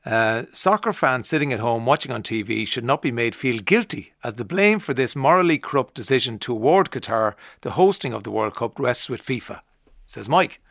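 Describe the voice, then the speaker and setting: A man's voice: medium pitch, animated, normal speed, gravelly, fairly bright tone, no echo, clean studio sound. An Irish man hosting a radio show, chatting casually and reading out listener messages with frequent "uh" fillers. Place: radio studio.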